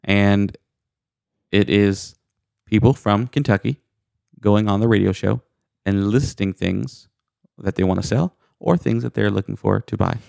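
A man co-hosting a casual podcast, his voice gravelly and full of big pitch swings. He tells stories in a goofy, self-mocking way, and the sound is dry and close. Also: big pitch swings, measured pace, darkish tone, no echo. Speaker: podcast co-host. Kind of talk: casual chat.

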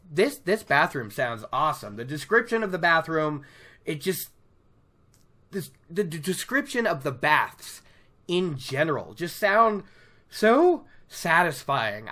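An enthusiastic book-discussion host from the United States, talking through a chapter in a loose, rambling way. The speech is chatty and giggly, full of restarts and asides, with a mid-pitched voice that jumps up when excited. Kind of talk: casual chapter recap and commentary.

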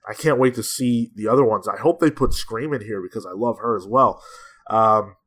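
A man co-hosting a casual podcast chat, giving measured opinions with frequent fillers. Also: lowish voice, fairly bright tone, breathy edge. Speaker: podcast co-host.

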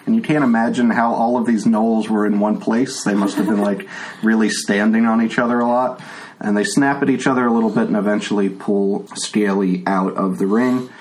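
A man narrating as game master in a relaxed, chatty way. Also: fairly low pitch, poor audio.

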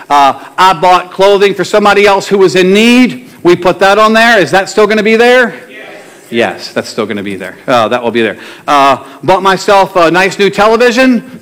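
Conversational preacher, man, higher voice. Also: fairly bright tone. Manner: conversational, asks the congregation questions and tells jokes. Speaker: pastor. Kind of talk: sermon. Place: church sanctuary before a congregation.

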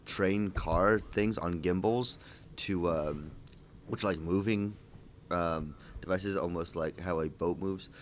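Deep-voiced joking podcast co-host man. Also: a little hiss or hum. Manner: rambling, joking, halting with fillers. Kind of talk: casual movie podcast chat.

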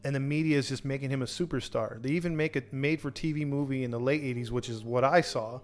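A man's voice: mid-range voice, quick pace. A man hosting a podcast, casually telling a true crime story with many restarts and acted-out quotes.

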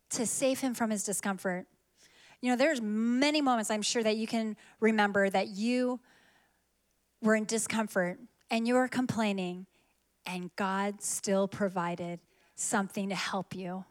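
A woman preacher with a bright, high voice delivers an animated sermon. She reads scripture aloud and prompts the congregation to repeat lines after her.

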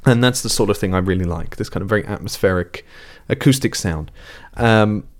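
A man's voice: lowish voice, fairly quick. Rambling young man reviewing music. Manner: rambling, thoughtful, swears casually. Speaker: music podcast co-host. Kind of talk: casual music review chat.

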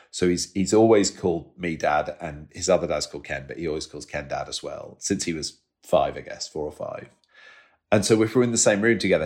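A man's voice: low-pitched, brisk. A man talking candidly as an interview guest, rambling, trailing off and laughing often. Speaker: podcast guest. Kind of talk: conversational interview.

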